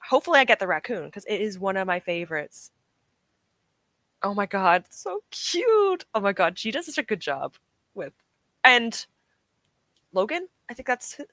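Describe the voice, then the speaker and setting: A woman's voice: medium pitch, bright, forceful tone, dry recording. A young woman streaming from home, chatting casually and encouragingly with her live chat, often laughing. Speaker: streamer hosting reading sprints.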